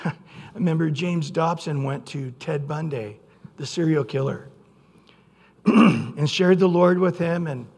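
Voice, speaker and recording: A male pastor delivers a sermon in a high-pitched, gravelly voice with a husky edge. He reads scripture, then slips into personal stories with earnest conviction. The sound rings out with long hall reverb. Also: slow pace, pauses often. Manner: earnest preaching, bursts into loud acted quotes.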